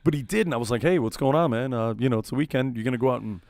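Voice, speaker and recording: A man co-hosting a casual chat show, spinning a long bar story. His voice sits at a middle pitch, and he jumps up loudly whenever he acts out what someone said. The sound is dry and close to the mic. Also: very fast, dry recording. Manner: animated, acts out quotes loudly. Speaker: podcast co-host.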